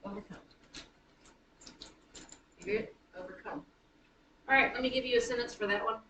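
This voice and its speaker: A woman teaching a high school writing class, chanting the stress patterns of words aloud. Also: fairly even intonation, very fast, bright, forceful tone, far from the mic, muffled recording, slight background noise. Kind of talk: classroom lecture on poetic meter. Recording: echoey classroom recorded from afar.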